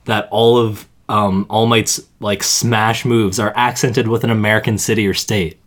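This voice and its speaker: Excitable, swearing young man. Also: lowish voice, normal speed. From Canada. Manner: excitable, swears a lot, bursts into laughter. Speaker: podcast co-host. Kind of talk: casual chat.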